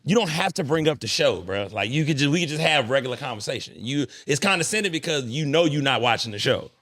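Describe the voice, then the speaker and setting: A man hosting a podcast, chatting casually and profanely, telling animated stories and acting out what other people said. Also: medium pitch, fast. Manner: animated, profane, storytelling with quoted voices. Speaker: podcast host. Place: podcast studio.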